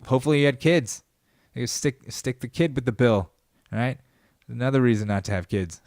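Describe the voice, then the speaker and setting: A man's voice: lowish voice, no room sound, clean studio sound. A man hosting a podcast, ranting alone in a profane, rambling monologue with frequent restarts and asides. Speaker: podcast host. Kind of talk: casual solo monologue.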